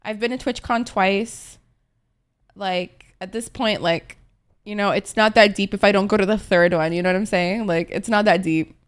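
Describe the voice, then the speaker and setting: A woman's voice: mid-range voice, fairly even intonation, normal speed, smooth. A young adult woman streaming, chatting casually with her viewers in a playful, rambling, profane way, often laughing.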